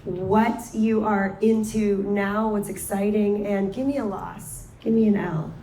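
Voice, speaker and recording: A woman's voice: medium pitch, fairly even intonation, unhurried, mellow, slight background noise. A woman hosting and moderating a live panel, cheering her guests on and introducing them with enthusiasm. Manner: enthusiastic, lots of affirmations. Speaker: podcast host and panel moderator. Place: event stage before a live audience.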